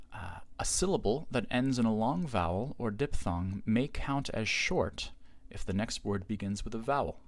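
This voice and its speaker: A man teaching a language grammar lesson as a patient, explanatory voice-over on slides. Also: fairly low pitch. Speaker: Greek teacher.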